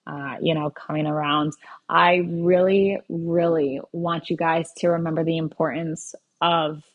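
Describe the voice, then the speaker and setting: A woman's voice: low voice, fairly even intonation, measured pace, narrow, tinny audio. A woman in her thirties telling a personal family story in a casual, heartfelt way, with frequent fillers. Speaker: vlogger.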